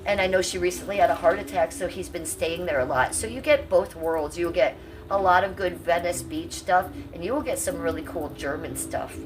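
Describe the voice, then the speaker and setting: Woman, fifties, low voice, chatty and salty livestreamer, slightly off-mic. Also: brisk, recorded from a distance. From Cleveland, US. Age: 50s. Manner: chatty, salty, talks to chat. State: coughing. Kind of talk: casual livestream chat. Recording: voice a bit off-mic, faint room hum.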